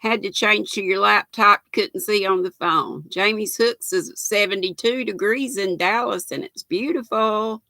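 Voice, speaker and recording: A woman's voice: mid-range voice, moderate pace, gravelly, hardly any pauses, pushed and bright, dry recording. An older woman from North Carolina with a Southern accent, hosting a live stream and chatting casually with viewers, greeting them by name and laughing often. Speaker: livestream host.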